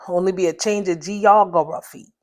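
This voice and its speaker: Story reading: woman voicing a cocky, gruff older man, blunt drawl, lowish voice. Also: fairly even intonation, moderate pace, darkish tone, close to an everyday voice. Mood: lecturing.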